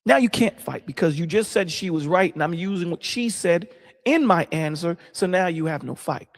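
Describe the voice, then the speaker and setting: A man who is a pastor, explaining his side in a casual debate with a measured, dryly sarcastic manner. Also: high-pitched, animated, big-room sound. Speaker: pastor guest.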